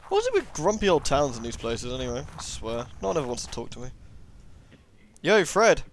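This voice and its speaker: A man's voice: a little high, wildly swooping pitch, fairly quick, a little hiss or hum. A young man giving casual, jokey commentary while playing a game, often muttering asides. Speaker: let's play gamer.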